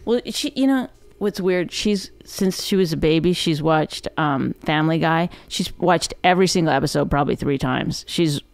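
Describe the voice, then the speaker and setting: A woman's voice, smooth and resonant, sitting a little low for her sex, comes dry and close on the mic. She chats wryly about her family and breaks into laughs often as a comedian guest in her forties. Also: normal speed, no echo. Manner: laughs often, wry and chatty. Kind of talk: casual chat.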